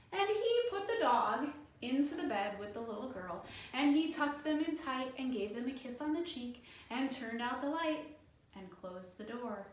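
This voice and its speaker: Animated woman leading children's storytime. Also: high voice, a little hiss or hum. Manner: animated, invites children to join in. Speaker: children's librarian. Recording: echoey room from a distance.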